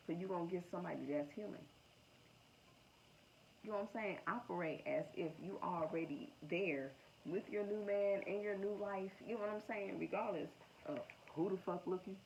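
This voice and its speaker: A woman giving a casual tarot reading to her viewers, slangy, profane and excitable, laughing often. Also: fairly low pitch, gravelly. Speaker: tarot reader. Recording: dull lo-fi sound with faint noise.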